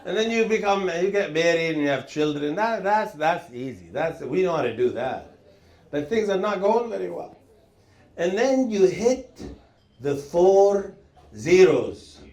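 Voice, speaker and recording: A man in his sixties, hosting and telling rambling stand-up comedy stories, jumping to a higher voice for quoted lines. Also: a little slow. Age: 60s. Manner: rambling, animated, jumps up high for acted quotes. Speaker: comedian host. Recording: roomy echo.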